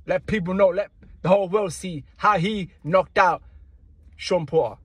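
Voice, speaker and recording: Guy ranting about a fight, high husky voice, dry close sound, repeats himself a lot. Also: normal speed, dry recording. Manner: indignant, repetitive, slangy. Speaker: boxing commentator. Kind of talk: casual ranting commentary.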